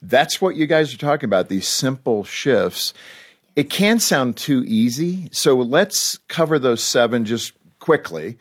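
A man's voice: medium pitch, measured pace, dry recording, studio quality. A middle-aged man hosting a talk show, chatting casually and joking with his guests. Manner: lively, joking, laughs easily. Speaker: radio show host.

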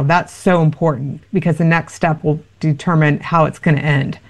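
A woman's voice: low voice, moderate pace, few pauses. A woman giving parenting advice in an interview, earnest and explanatory, with many fillers. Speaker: parenting expert guest.

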